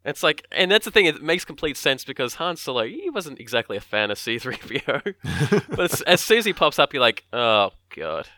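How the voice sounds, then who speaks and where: Animated man with a bright, close sound. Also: a little high, fairly quick, dry recording. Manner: animated, acts out film lines in voices. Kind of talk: casual film discussion.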